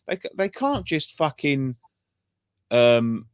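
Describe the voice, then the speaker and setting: A man's voice: medium pitch, very animated, slow pace, clear, resonant tone, no room sound, clean studio sound. A man chatting casually on a fan channel, telling sweary, rambling stories full of restarts. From England. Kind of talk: casual pub chat.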